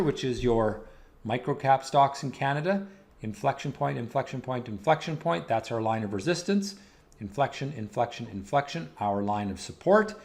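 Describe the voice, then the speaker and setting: A man hosting a weekly market analysis, steadily talking through charts with casual asides. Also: mid-range voice.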